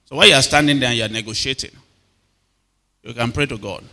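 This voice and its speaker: A man's voice: mid-range voice, fast talker, creaky, sharp tone. A man with a Nigerian accent preaching a sermon, often questioning and calling back to his congregation. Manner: call-and-response questions to the congregation. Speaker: pastor. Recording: long hall reverb.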